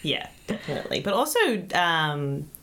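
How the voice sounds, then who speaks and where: A woman's voice: deep voice, sing-song, moderate pace, a bit bright. A young woman doctor co-hosting a podcast, chatting casually, laughing often and joking about herself. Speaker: podcast co-host, junior doctor. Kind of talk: casual chat.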